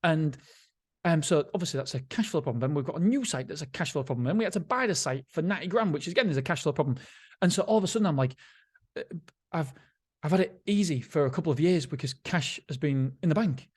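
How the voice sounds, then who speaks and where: A man's voice: a little high, animated, quick pace, husky. Blunt, swearing motivational podcast host man. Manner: blunt and candid, swears freely; repetitive, restarts sentences. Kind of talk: casual motivational monologue.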